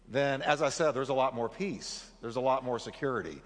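A male pastor delivering an earnest sermon at a middle pitch. He leads his congregation through scripture readings and prayer. His voice carries the long reverb of a church sanctuary. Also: normal speed, few pauses.

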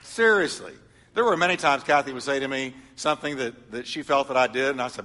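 Bright-voiced preacher man in a big hall. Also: mid-range voice, brisk. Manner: storytelling preacher, swings from loud emphatic lines to soft confiding ones. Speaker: pastor. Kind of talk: sermon.

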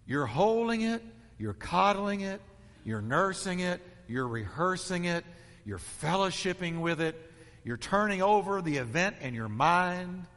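Male pastor, high bright voice, emphatic rhythmic preaching, long hall reverb. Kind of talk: sermon.

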